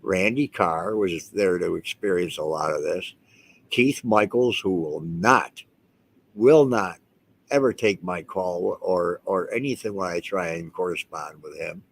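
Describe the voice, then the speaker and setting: A man's voice: low voice, measured pace, vocal fry. A man talking casually to the camera as a vlogger, rambling and emphatic, often restarting his sentences. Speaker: house owner and vlogger.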